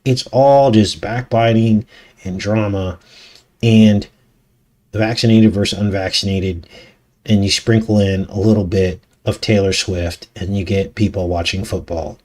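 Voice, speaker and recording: This man's lowish, slightly mellow voice keeps a steady tone and measured pace as he hosts a relaxed live talk show. As the channel host, he reads news pieces aloud with skeptical, conversational asides, frequent laughter, and rhetorical comments.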